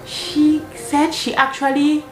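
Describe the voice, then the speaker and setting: A woman's voice: high voice, flat delivery, slow pace, faint music behind. A woman vlogger telling a story in a casual storytime style, laughing often and acting out the dialogue. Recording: echoey room with clear background noise.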